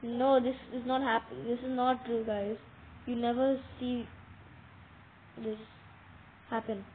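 A woman giving casual game commentary, talking straight to viewers with excitable, dramatic alarm. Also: fairly high pitch, slow pace. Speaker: gameplay commentator. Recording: tinny phone-like audio with faint noise.

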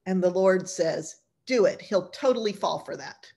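A woman's voice: lowish voice, animated, normal speed, mellow, breathy edge. Lady doing a weary prophet guy, resigned, just says it straight. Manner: resigned, plainspoken. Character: weary, honest ancient male prophet.

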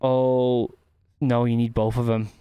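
A man talks his way through a video game, thinking aloud and muttering half to himself as he hunts for the way forward. His voice is smooth and resonant, pitched in the middle for a man. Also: level tone, slow, mellow, dry recording. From United Kingdom. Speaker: gaming channel host. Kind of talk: gameplay commentary.

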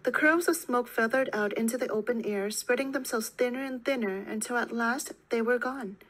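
Woman narrating an audiobook, calm. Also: on the high side, moderate pace, poor audio.

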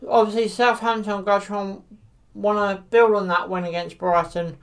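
A woman's voice: medium pitch, level tone, moderate pace. Hesitant woman vlogger. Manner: hesitant, many fillers like "you know". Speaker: football predictions vlogger. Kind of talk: casual solo commentary to camera.

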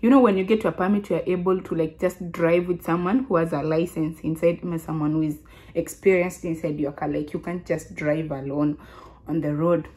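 A Kenyan woman in her twenties telling a casual story to her vlog audience, chatty and animated, often restarting her sentences. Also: low-pitched, normal speed. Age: 20s. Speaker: vlogger.

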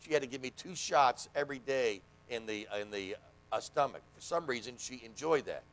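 A man's voice: mid-range voice, expressive, fairly quick, fairly bright tone. A middle-aged man preaching a sermon in a church, telling his own story and acting out the voices of the people he quotes. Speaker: pastor and hospital chaplain. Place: church sanctuary.

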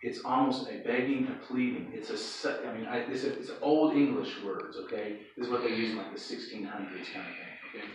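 A man's voice: mid-range voice, steady tone, a little fast, few pauses, recorded from a distance, slight background noise. A man preaching to a youth group in a loose, conversational way, often stopping to ask "okay?". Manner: conversational, checks in with frequent "okay?". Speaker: youth pastor. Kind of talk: sermon. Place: church hall or sanctuary. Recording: echoey hall, speaker away from mic.

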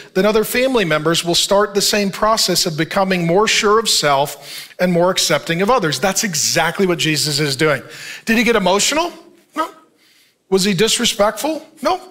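High, bright-voiced joking pastor. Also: male voice. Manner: conversational and joking, asks the crowd "Amen?"; reads scripture at a slow, even pace. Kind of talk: sermon with scripture reading.

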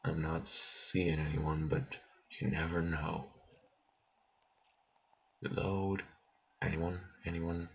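Low-voiced slow male gamer, muttering let's play commentary, dull lo-fi home mic. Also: little pitch movement, vocal fry, slightly rough. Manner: muttering to himself, bursts of alarm at enemies. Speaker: gameplay commentator.

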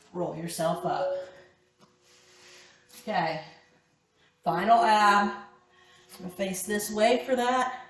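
A woman's voice: on the low side, distant mic. A woman instructor leading a core workout class, counting reps and calling out short cues. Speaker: fitness instructor. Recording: echoey room with background music.

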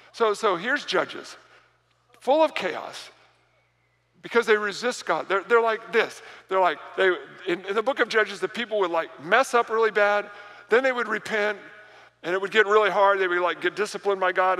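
A man preaching a sermon as pastor, animated and repeating words as he builds to a point. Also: high voice. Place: church sanctuary. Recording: reverberant church hall.

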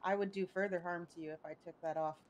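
A woman in a game role-play as a hospital doctor, speaking calmly, politely and patiently. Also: lowish voice, quick pace, dull audio, a little hiss or hum. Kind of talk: calm in-character role-play.

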